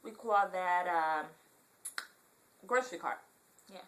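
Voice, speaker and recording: A woman's voice: lowish voice, takes it slowly, rough recording. A young woman from Southern California with a Southern Californian accent and a congested, nasal voice, chatting casually in a rambling vlog full of ums. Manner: relaxed, rambling, many ums. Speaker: vlogger.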